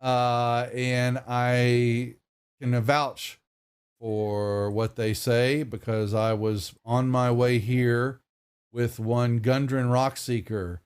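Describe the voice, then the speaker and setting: A man voicing a steady knight who speaks earnestly and formally to townsfolk. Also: medium pitch, very slow, clean tone. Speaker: character voiced by the game master.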